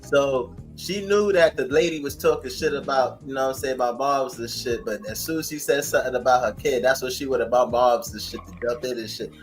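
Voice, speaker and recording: A man's voice: medium pitch, fairly quick, few pauses, soft background music. Slangy man telling a story on a stream panel. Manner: laid-back slangy storytelling, profane. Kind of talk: live-stream panel banter.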